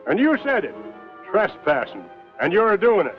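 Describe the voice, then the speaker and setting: A folksy, confident frontier marshal. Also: male voice, high voice, wildly swooping pitch, normal speed, soft background music. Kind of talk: 1940s film serial acting. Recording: muffled old film soundtrack with hiss.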